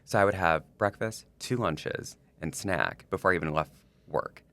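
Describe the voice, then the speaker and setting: A man's voice: low voice, normal speed, pushed and bright, no room sound. A man on a podcast, telling a personal story in casual chat, rambling with lots of likes and restarts. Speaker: podcast co-host.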